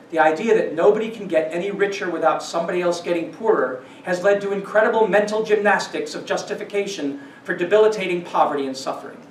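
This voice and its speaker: A man giving a scripted lecture in an emphatic way, slowing down for stressed points and rushing through asides. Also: high-pitched, slight background noise. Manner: emphatic, shifts between slow stresses and quick asides. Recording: roomy echo, distant mic, faint ambience.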